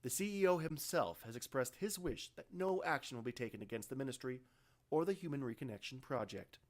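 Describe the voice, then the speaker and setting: A man's voice: medium pitch, lively intonation, brisk, voice pushed up, lightly acted. A man voicing a scarred, defiant space marine sergeant who talks with clipped sarcasm. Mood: sarcastic.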